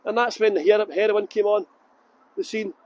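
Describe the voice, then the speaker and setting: Scottish man, high-voiced, rambling live tour guide, outdoors, dry close sound. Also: steady tone, normal speed, a little mellow, no echo. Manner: chatty, rambling, reads viewer comments aloud. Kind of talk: live walking tour, casual chat. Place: outdoors on a waterfront.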